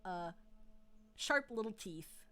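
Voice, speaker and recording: A woman narrating a tabletop game as game master, unhurried, with frequent ums. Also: mid-range voice, animated, fairly bright tone.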